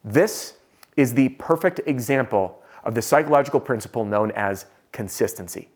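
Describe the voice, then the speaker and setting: Man telling a lively sales story. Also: medium pitch, moderate pace. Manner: animated, conversational, self-deprecating. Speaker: sales trainer.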